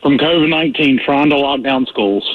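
A man's voice: mid-range voice, moderate pace, narrow, tinny audio. A man speaking emphatically as a guest on a talk radio show. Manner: emphatic, insistent.

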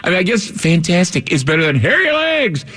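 A man's voice: sits high, big pitch swings, fairly quick, bright, forceful tone, husky. A man hosting a late-night talk radio show, joking and rambling into a studio mic.

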